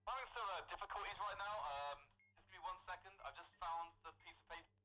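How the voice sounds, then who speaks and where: A man's voice: high-pitched, fast, bright, forceful tone, soft background music, low-quality recording. A man helping read a bomb manual over a walkie, flustered and jokey, with some swearing. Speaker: co-player reading the manual. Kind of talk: frantic co-op game chatter over walkie.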